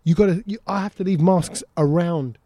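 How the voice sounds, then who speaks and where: A man's voice: high-pitched, normal speed, mellow, dry recording, studio quality. A man hosting a casual chat show, telling self-mocking stories and often restarting his sentences. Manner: chatty, self-mocking storyteller, frequent restarts. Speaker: show host. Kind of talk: casual studio banter.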